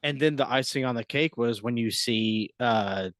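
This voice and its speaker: A man's voice: medium pitch, moderate pace, a bit bright, dry recording. A man discussing a movie in a casual podcast chat, giggling and stammering through restarts.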